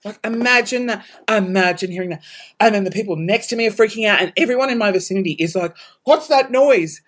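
An Australian man hosting a podcast, telling a story in casual talk, animated, swearing freely and laughing at himself. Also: sits high, fast. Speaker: podcast host.

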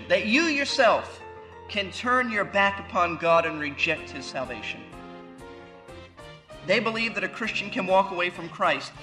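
A pastor preaching a verse-by-verse sermon, his voice a little higher than most men's and bright and forceful. He drives his points home with emphatic repetition and rhetorical questions. Faint music sits behind him. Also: poor audio. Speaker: teaching pastor. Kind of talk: expository sermon.

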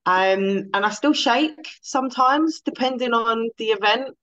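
A woman hosting a podcast, telling stories in a lively, casual way with the odd swear word. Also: a little high, measured pace. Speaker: podcast host. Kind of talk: casual interview chat. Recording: slightly dull, lo-fi sound.

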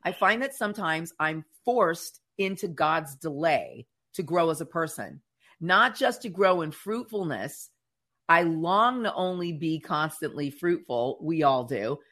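A woman co-hosting a casual faith chat show, telling stories in an animated way and acting out what others said. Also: deep voice, measured pace. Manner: animated storyteller who acts out quotes. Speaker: podcast co-host.

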